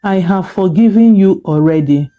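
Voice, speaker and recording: A storyteller voicing a kind, patient father recovering from illness, soft and reassuring. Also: mid-range voice, normal speed, faint music behind, close to an everyday voice.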